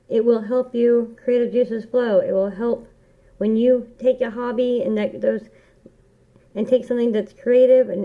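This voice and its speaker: A woman giving a casual tarot reading, talking in an earnest, encouraging way and repeating key phrases like a mantra. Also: on the high side. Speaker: tarot reader. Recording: dull lo-fi home recording.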